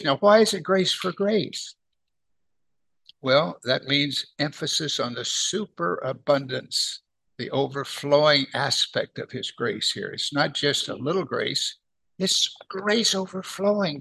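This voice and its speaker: A middle-aged man teaching the Bible verse by verse, his voice gravelly and fairly high for a man. He talks to the congregation conversationally, tossing out rhetorical questions, and drags out each line of scripture he reads. The tone is bright and forward. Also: expressive. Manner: slows right down to read scripture aloud. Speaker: preacher.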